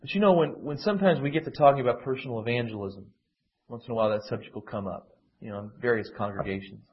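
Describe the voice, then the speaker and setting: A man's voice: medium pitch, quick pace. A man teaching a conversational Bible lesson, digressive and emphatic, often restarting his sentences. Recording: dull lo-fi classroom recording.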